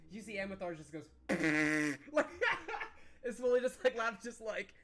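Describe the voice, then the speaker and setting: A woman's voice: medium pitch, expressive, unhurried, noisy background. A woman narrating as game master of a tabletop game, giggly and rambling with many fillers.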